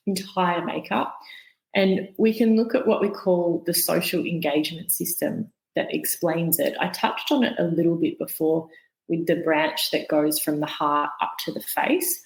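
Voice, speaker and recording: Calm woman explaining, echoey room. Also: sits low, vocal fry. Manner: calm, explanatory, demonstrates voices. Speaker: guest expert. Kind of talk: explanatory interview talk.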